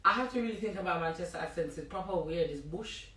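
A woman's voice: fairly low pitch, fast talker, sharp tone. Young woman in an echoey room. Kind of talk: casual chat.

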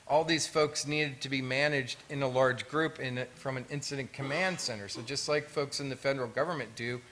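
Middle-aged american guy, bright punchy voice, telling funny stories at a talk. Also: medium pitch. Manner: lively storytelling with humor. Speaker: fire artist and pyrotechnician. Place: museum auditorium.

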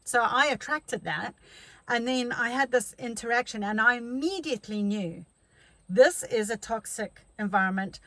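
A woman's voice: a little high, normal speed, fairly bright tone, no echo, rough recording. A middle-aged woman life coach giving a chatty motivational talk, telling stories with many restarts.

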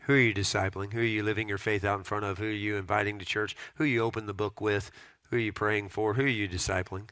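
Forceful-voiced male pastor preaching. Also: fairly low pitch, steady tone, quick pace, clean tone, no echo. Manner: preachy storytelling with repeated questions. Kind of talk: sermon.

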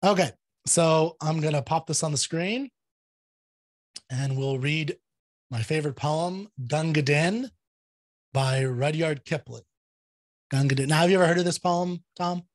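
A man's voice: on the high side, a little slow, long pauses, no echo. A man hosting a casual discussion, talking loosely with lots of fillers and restarts. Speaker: host presenting a poem. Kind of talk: casual chat.

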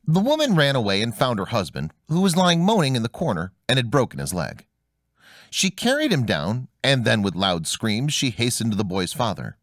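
A man reading a fairy tale aloud in a measured, expressive way as storyteller. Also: mid-range voice, dry recording, studio quality. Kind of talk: scripted fairy-tale narration.

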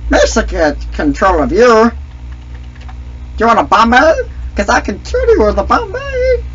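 Goofy excitable alien sidekick, put on by a man for game commentary; husky, muffled mic. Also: very high voice, normal speed, heavily acted. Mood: taunting. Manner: refers to himself in third person, brash trash talk. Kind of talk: gaming commentary in a character voice. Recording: dull lo-fi mic.

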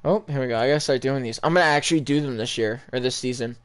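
A man's voice: medium pitch, rapid-fire. A young man chatting casually over his gameplay, rambling and talking straight to his viewers. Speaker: gaming YouTuber.

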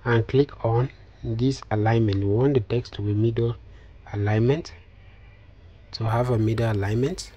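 A man calmly talking through a phone design tutorial step by step, with many fillers. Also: mid-range voice, moderate pace, pauses often, a little hiss or hum. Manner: calm step-by-step instructions with frequent fillers. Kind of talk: screen-recorded software tutorial.

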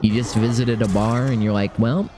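A young man commentating his own game run, excitable and swearing, talking to himself. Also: fairly low pitch, moderate pace, over music. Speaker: gaming streamer. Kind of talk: live let's-play commentary.

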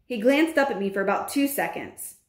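A woman, a teacher, reading a children's novel aloud in an expressive storybook manner. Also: fairly high pitch, fairly quick. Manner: expressive, with lively intonation. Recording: roomy echo.

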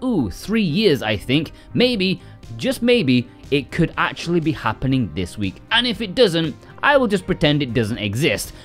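A man hosting a game release roundup in casual scripted commentary, full of sarcastic joking asides. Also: on the high side. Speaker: game release news host.

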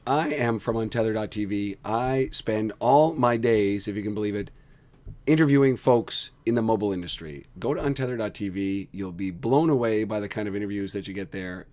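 A hoarse man hosting a tech show, bantering in an animated, self-deprecating way. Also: fairly low pitch. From Canada. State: hoarse from screaming. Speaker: podcast host.

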